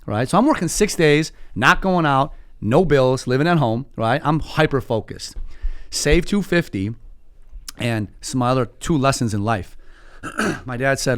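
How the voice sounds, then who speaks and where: A man in his forties from Iran, telling his story as a podcast guest in an animated, quick way, full of fillers and quoted voices. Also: mid-range voice, dry recording. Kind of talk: casual storytelling.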